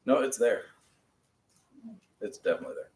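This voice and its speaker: A man's voice: fairly low pitch, sing-song, moderate pace, darkish tone. A man teaching a class, explaining each step patiently. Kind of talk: classroom lesson. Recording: roomy, from a distance, faint noise.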